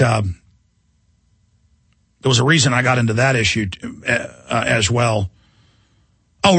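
A man's voice: medium pitch, a bit bright, breathy edge, no echo. A middle-aged man hosting a radio talk show, ranting in a heated, combative way and hurling insults at listeners. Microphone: studio microphone.

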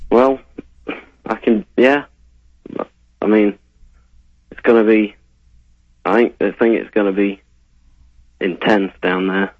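A man's voice: on the low side, steady tone, slow pace, long pauses, no echo, highs cut off. A man answering questions as a guest on a radio talk show, hesitant and wry in his replies. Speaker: guest commentator.

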